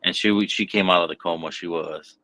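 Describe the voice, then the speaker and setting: Here a man with a booming low voice spins a rambling tale full of profanity, sounding like a relaxed podcast host going off the cuff. The delivery is brisk, the recording rough, and the tone that of casual conversation.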